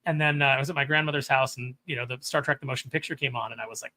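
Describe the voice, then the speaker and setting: Fast, bright-voiced animated man. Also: fairly high pitch, no room sound. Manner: animated storyteller, acts out quotes. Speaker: podcast host. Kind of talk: casual chat.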